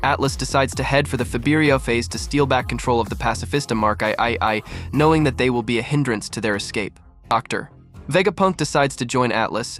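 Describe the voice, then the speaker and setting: A man giving a steady, matter-of-fact scripted recap of an episode's events. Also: medium pitch. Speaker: recap narrator. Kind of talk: scripted narration.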